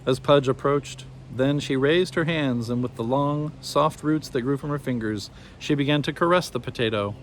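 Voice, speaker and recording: A man narrating a storybook aloud in an expressive, measured way. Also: mid-range voice, slight background noise.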